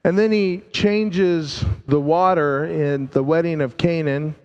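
A man preaching a sermon, slow and emphatic, drawing out key words and dropping his voice low to stress them. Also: fairly even intonation, a little mellow, in a large hall, highs cut off.

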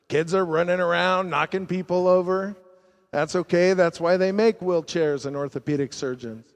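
A man preaching a sermon as pastor, swinging from loud emphasis to hushed, low endings. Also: moderate pace. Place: church sanctuary. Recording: long reverb of a large church.

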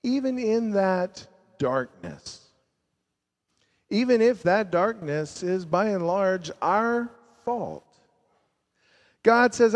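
A man preaching a sermon as pastor, swinging from loud emphasis to hushed, low endings. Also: animated, extremely slow, long pauses. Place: church sanctuary. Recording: long reverb of a large church.

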